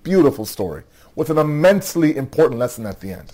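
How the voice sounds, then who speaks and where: A man's voice: a little high, very animated, fast talker, warm tone. A tired man telling a religious story to a nightly gathering, conversational, checking in with "okay?" and often restarting phrases. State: tired, yawning. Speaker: religious speaker.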